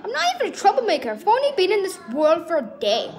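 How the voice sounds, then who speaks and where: A bratty little baby girl, as a woman puts her on in a homemade cartoon, high-pitched and whiny. She talks back with sass, her pitch jumping all over the place as she pleads and sulks. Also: huge pitch swings, fast talker, crowd noise, heavily acted. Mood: sassy. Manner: sassy, whiny and defiant. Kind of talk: homemade animated cartoon voicing.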